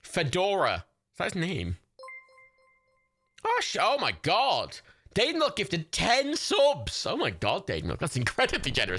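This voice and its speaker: Young adult streamer, casual chat, swears and laughs a lot, hugely lively pitch, dry close sound. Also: measured pace, no echo. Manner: swears freely, laughs often, excitable. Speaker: streamer hosting a film watch party. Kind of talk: casual livestream chat, reading out chat and gifts.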